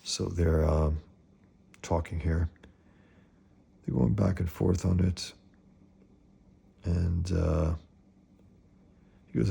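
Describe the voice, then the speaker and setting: A man rambles through an opinionated, casual commentary, halting and restarting as he drifts off on tangents. His voice is very low, dark and gravelly, with a husky edge. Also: fairly even intonation. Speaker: comics commentator.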